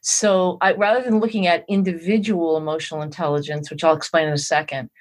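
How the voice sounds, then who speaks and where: A woman being interviewed as an expert, explaining ideas in an animated way and checking in with her listener as she goes. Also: fairly low pitch, a little fast. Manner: animated, explains step by step with "all right" check-ins. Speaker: guest expert on emotional intelligence.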